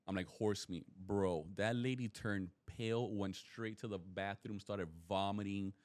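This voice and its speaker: A man's voice: on the low side, fairly even intonation, unhurried, darkish tone. Laid-back man telling a funny story. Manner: laid-back, slangy, laughs often. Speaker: podcast co-host. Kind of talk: casual chat, storytelling.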